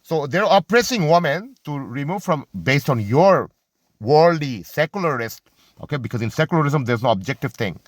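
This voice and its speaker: A man's voice: fairly high pitch, lively intonation, no room sound, studio quality. A man giving an unscripted, impassioned monologue about religion and society, often stopping to search for words and restarting his sentences. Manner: halting, searches for words, many restarts and fillers; impassioned, argumentative.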